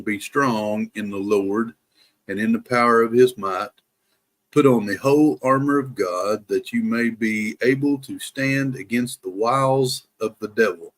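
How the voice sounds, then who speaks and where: A man hosting a daily Bible live stream, reading scripture aloud slowly and deliberately, careful to pronounce every word, with casual asides to his viewers. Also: medium pitch.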